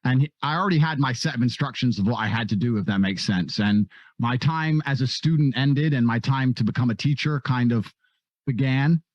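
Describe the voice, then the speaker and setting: Guy on a podcast talking slow and halting, stops and restarts a lot, dry kinda muffled sound. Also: medium pitch, dry recording. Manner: halting, restarts, swears casually. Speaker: podcast guest. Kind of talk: reflective podcast talk.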